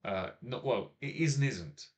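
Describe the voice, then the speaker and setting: A man with a medium-pitched, somewhat dark voice runs a casual live stream through a laptop mic in a small home office. He speaks at a measured pace with lively intonation, wandering off topic, leaning on fillers, and poking fun at his co-host.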